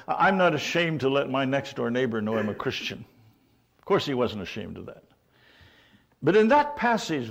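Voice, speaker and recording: A man preaching a sermon, swinging between loud, emphatic declarations and low, quiet lines. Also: creaky.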